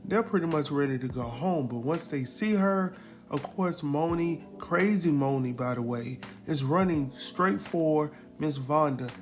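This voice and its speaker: A man recapping a TV episode in a casual, animated way, exclaiming and chuckling as he talks straight to his viewers. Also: a little high, unhurried, soft background music.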